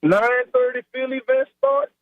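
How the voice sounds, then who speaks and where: Calling in for an interview, a head track coach speaks in a thick South Louisiana accent, rambling comfortably and repeating himself. His fairly high voice swoops wildly in pitch at a measured pace over a thin, tinny line, dry and close with no room sound.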